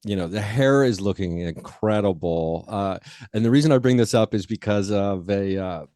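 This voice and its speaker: A podcast host from Ohio conducts a casual interview chat, rambling along with plenty of fillers and restarts. His lowish, warm voice moves at a moderate pace, recorded dry at studio quality.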